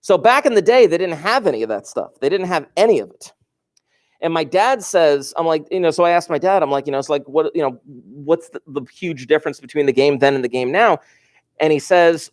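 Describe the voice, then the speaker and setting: A man's voice: fairly high pitch, lively intonation, fairly quick. A male teacher giving a casual, digressive lesson to his class, telling stories and asking the students questions, recorded in a classroom while he moves about the room. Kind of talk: classroom lecture, storytelling.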